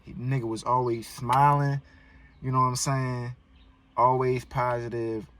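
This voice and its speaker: A man's voice: mid-range voice, little pitch movement, a little slow, a bit bright. A man hosting a casual interview, speaking in a laid-back, sympathetic, slangy way. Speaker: host. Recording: distant mic with faint noise.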